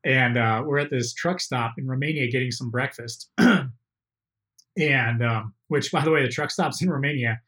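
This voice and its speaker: Bright-voiced man telling a story. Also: mid-range voice, normal speed. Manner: animated, laughing through a funny story. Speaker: podcast guest. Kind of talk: casual storytelling.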